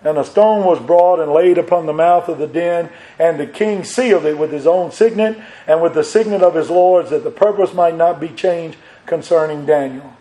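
A man preaching a sermon, emphatic, rising to loud peaks and repeating his phrases. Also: a little high, normal speed, few pauses, poor audio.

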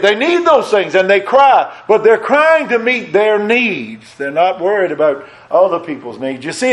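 Middle-aged pastor, homespun sermon delivery, climbs louder and higher to drive points home, slightly raised voice. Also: male voice, poor audio. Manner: folksy preaching, rising in pitch and volume for emphasis, restarts. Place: church.

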